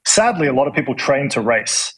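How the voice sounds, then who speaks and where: A man's voice: medium pitch, sing-song, fairly quick, husky, rough recording. A man with an Australian accent, speaking as a chef and entrepreneur guest in a casual podcast interview, frank and reflective with many restarts.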